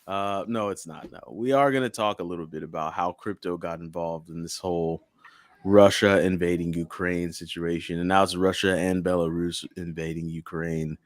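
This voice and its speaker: A man's voice: deep voice, fairly even intonation, moderate pace, no room sound, studio quality. A man hosting a podcast in casual chat, joking and offhand. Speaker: podcast host.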